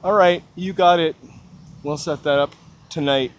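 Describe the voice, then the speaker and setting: A man's voice: a little high, unhurried. Chatty man joking on a city walk. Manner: chatty, joking, self-deprecating asides to viewers. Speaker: live-stream walking host. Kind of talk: casual walking live-stream chat. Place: outdoors on downtown city streets and through tunnels. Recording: faint city street noise. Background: city traffic ambience.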